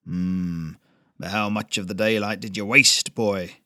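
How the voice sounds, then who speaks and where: A man voicing a stern old male blacksmith who talks in curt, rasping commands. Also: lowish voice, fairly even intonation, measured pace, pushed and bright, no echo, clean studio sound. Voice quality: rasping, growling.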